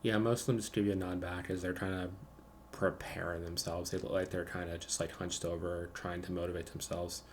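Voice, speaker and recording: A man's voice: low voice, level tone, a little fast, a little hiss or hum. A man narrating as game master in a tabletop role-play, casual, with many fillers. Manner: casual, lots of ums and likes.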